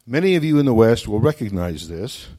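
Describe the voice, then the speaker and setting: A man from Wyoming giving a talk, telling a joke and stories in a folksy, humorous, deliberate way. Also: medium pitch, big pitch swings, warm tone. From Wyoming, United States. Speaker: speaker. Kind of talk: storytelling talk to an audience.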